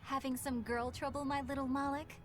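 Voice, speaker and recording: A woman's voice: sits high, little pitch movement, brisk, music in the background, natural voice. An actress playing an earnest, polite young woman exorcist in a video game.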